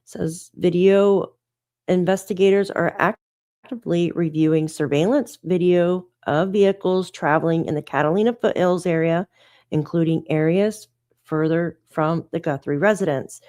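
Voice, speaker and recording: A woman's voice: on the low side, moderate pace, warm tone, no echo, studio quality. A woman hosting a casual true-crime livestream, chatting and reading updates aloud in an incredulous way.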